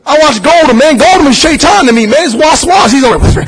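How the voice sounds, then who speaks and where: A man's voice: extremely high pitch, lively intonation, very fast, hardly any pauses, a bit bright, rough recording. A man giving an informal religious lecture to a class, asking questions and answering them himself in a conversational way. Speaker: Muslim teacher.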